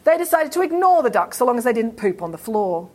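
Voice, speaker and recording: An Australian woman tells a children's story in a playful, animated way. Her voice sits a little high and sounds breathy. Her pitch rises and falls widely. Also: fast. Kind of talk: storytelling for kids.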